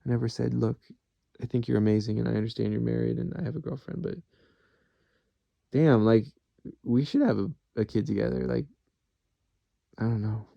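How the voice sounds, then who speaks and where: Gravelly, dark-voiced man rambling candidly. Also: medium pitch, fairly even intonation, moderate pace, long pauses, no echo, lo-fi sound. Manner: candid, rambling, swears freely. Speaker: vlogger. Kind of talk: rambling personal monologue.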